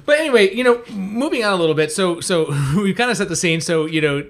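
A man co-hosting a movie review podcast, talking in a quick, animated and wry way. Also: high voice. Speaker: podcast co-host. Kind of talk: casual movie review chat.

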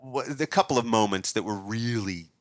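Man from Northeast Ohio, lowish voice, animated storyteller on a dry close mic. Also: moderate pace, dry recording. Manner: animated storyteller, jokey asides. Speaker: magician guest. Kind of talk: casual interview storytelling.

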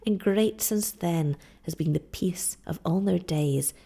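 A woman narrating a classic story aloud in a measured audiobook style. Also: fairly low pitch, vocal fry, warm tone, slightly rough.

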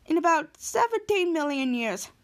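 A woman quoting the lines of a fussy male inventor sidekick while retelling a show, in a fairly high voice. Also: sing-song, moderate pace, a bit bright. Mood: puzzled.

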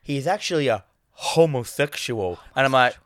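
A man talks through a film plot with a friend, breaking into little acted-out lines. His pitch roams widely as he goes. The sound is dry and close. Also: no echo. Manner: animated, acts out lines in quick bursts. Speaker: podcast co-host. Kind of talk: casual chat recapping a film.

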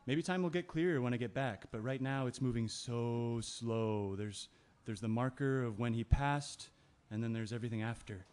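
A man's voice: medium pitch, moderate pace, few pauses, darkish tone, clear, resonant tone, lightly acted. A man playing a wistful grieving letter-writer. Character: depressed grieving man traveling abroad, writing letters. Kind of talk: audio drama reading.

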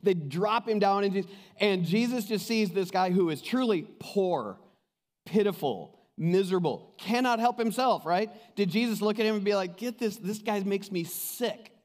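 A pastor with a voice that sits high preaches a sermon at normal speed. He tells stories with energy and acts out the people he quotes, and the recording echoes like a reverberant hall.

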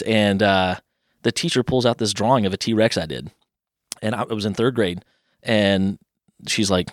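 In a casual interview, this thirtysomething podcast guest from Louisville, Kentucky rambles through stories from his childhood, giving voices to the people he quotes. He talks at normal speed in a lowish voice, captured in a dry, clean studio recording.

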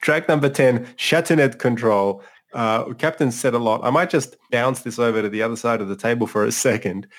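A man's voice: mid-range voice, brisk. A man co-hosting a music podcast in casual chat, playful and often laughing. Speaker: podcast co-host.

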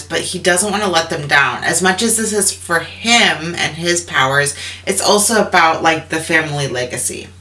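A woman casually retelling a story, chatty with lots of fillers and animated quotes. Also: on the low side.

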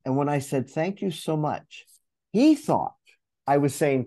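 A man who coaches and speaks in public, telling a story as an interview guest, animated and acting out his inner voice, with many restarts. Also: on the high side, unhurried. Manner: animated, acts out inner dialogue.

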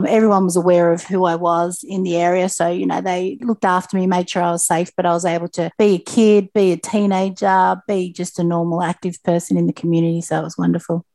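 A woman in her late forties with an Australian accent and a lowish voice. She is an interview guest who tells her stories in a chatty, animated way. The recording is dry and close. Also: a little fast, gravelly, few pauses, no echo. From Sydney, Australia. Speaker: interview guest, Paralympic athlete. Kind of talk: casual interview storytelling.

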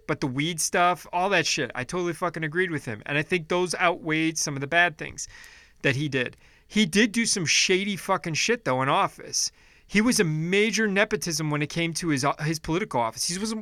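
A man's voice: high-pitched, sharp tone, dry recording. A man hosting a podcast, reading news aloud and breaking into angry, profanity-laden rants. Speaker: podcast host. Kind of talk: ranting political podcast.

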